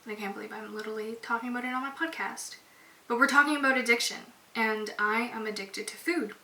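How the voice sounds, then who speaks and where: A woman's voice: fairly high pitch, fairly even intonation, fast, sharp tone. A young woman hosting her own podcast, talking openly and emotionally in a casual, candid monologue. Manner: open, emotional, casual with frequent "like". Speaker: podcast host. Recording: roomy echo, distant mic, faint hiss.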